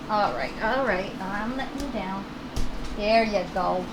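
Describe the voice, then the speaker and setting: A woman live-streams a video game, chatting casually with viewers and talking to her puppies between game lines at her computer. She speaks unhurriedly in a mid-range voice, with background noise present.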